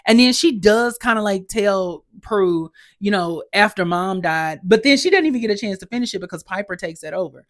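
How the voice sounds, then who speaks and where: A woman hosts a podcast and recaps a TV episode in a casual, chatty way. She is sassy and exasperated, and her voice sits at a middle pitch for a woman. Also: expressive, moderate pace, few pauses. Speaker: podcast host.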